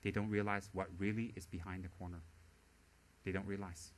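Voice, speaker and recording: A man giving a Buddhist Dharma talk in a theatrical, exasperated, sharp-tongued way. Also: low voice, flat delivery, fairly quick, a little hiss or hum. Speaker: Buddhist teacher.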